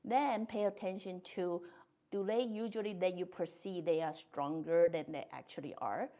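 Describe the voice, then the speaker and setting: A woman hosting her own podcast, talking through a reflective monologue in a gentle, thoughtful way, speaking English with non-native grammar. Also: lowish voice. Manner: gentle, thoughtful, with soft laughs. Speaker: podcast host.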